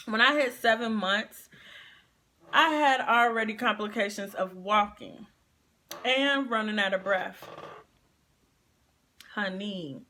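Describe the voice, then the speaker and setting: A woman's voice: medium pitch, a little hiss or hum. A woman, chatting casually in a pregnancy update and eating vlog, her nose stuffy and running. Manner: chatty and expressive, drawn-out repetitions. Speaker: vlogger.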